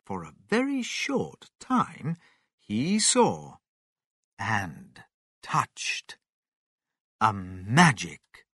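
Brief: male storyteller, slow and animated, bright close-miked dry read. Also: fairly low pitch, husky, dry recording. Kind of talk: children's story reading.

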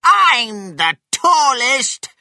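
A reader voicing a boastful old grandmother who has grown giant, shouting slowly and loudly in a high voice. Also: sing-song, no echo, clean studio sound, exaggerated voice. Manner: shrieking, slow and loud.

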